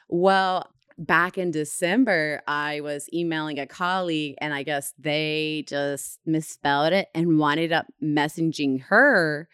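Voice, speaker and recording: A young woman, co-hosting a podcast and telling a story in an animated, laughing way. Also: sits low, takes it slowly, clean tone, dry recording, clean studio sound. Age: 20s. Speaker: podcast co-host. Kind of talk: casual chat.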